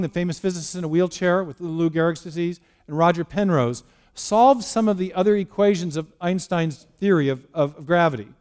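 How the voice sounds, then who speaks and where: High-voiced man lecturing in a church. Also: darkish tone. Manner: storytelling, with restarts and rhetorical questions. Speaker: speaker giving a church lecture. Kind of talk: lecture on science and faith. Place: church hall.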